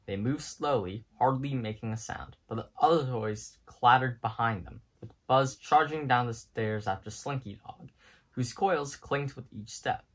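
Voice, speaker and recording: A man reading a children's picture book aloud in an expressive, storytelling style. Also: mid-range voice, unhurried. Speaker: storybook reader.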